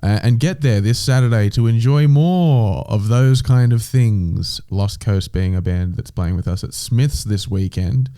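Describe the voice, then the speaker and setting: Young Australian male co-host, mellow low tone, deadpan delivery. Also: measured pace, hardly any pauses, clear, resonant tone. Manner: deadpan, dry jokes. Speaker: podcast co-host, band member. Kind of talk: casual chat.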